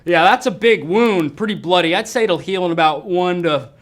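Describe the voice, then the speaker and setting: A man's voice: sits high, animated, normal speed. A man voicing a lazy male hospital doctor who talks in a casual, dismissive drawl. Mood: offhand.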